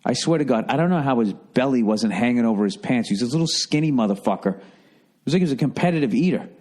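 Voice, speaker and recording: A man's voice: mid-range voice, animated, fast talker, darkish tone. A middle-aged American man telling a rambling, profane comedic story as a podcast host.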